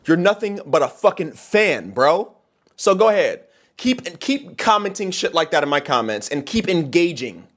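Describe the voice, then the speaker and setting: A man rants at the camera in a heated, profane video monologue, his voice swinging widely from high to low. He sits somewhat high for a man, and the talk stays animated throughout. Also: normal speed. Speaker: content creator.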